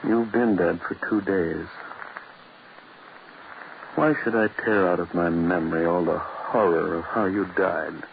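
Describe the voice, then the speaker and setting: A man's voice: deep voice, steady tone, measured pace, creaky, pauses often, a little hiss or hum. Haunted, frantic man in a 1940s radio thriller, muffled old recording. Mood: anguished. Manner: frantic, anguished and breathless. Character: frightened man obsessed with his experiment, grieving. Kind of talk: 1940s radio drama acting.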